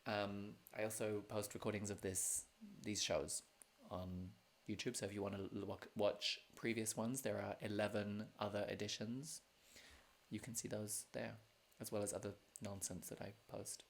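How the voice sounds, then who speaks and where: Man, drag show host, low gravelly voice, joking casual livestream patter at home. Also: flat delivery, normal speed. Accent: non-American. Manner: self-deprecating, joking, many fillers.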